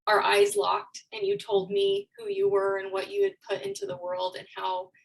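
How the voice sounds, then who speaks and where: Woman guest, gravelly voice, sitting back from the mic, candid and emotional. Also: medium pitch, sing-song, normal speed, distant mic, poor audio. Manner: open and emotional. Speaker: life coach, podcast guest. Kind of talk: candid personal storytelling.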